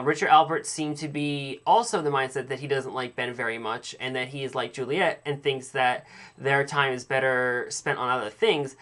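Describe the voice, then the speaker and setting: A man's voice: a little high, fairly bright tone. A man hosting a casual solo podcast, recapping a TV episode in a chatty, opinionated, rambling way with many fillers and restarts. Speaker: podcast host reviewing a TV episode.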